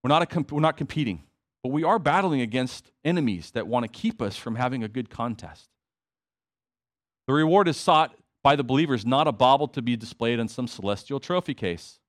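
A pastor with a mid-range, animated voice preaches a sermon to his congregation at a slightly fast pace. His style is conversational, full of emphatic repetition and side remarks.

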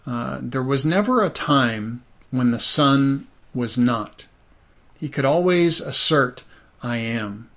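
A man's voice: medium pitch, expressive, slow pace, fairly bright tone. A man preaching a sermon as pastor, conversational and thoughtful, with many "you know" asides.

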